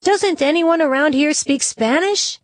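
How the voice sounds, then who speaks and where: A woman's voice: high-pitched, expressive, normal speed, pitched above the performer's own voice. A woman voicing a curious young boy, the grandson, asking eager questions in a storybook play. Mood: frustrated.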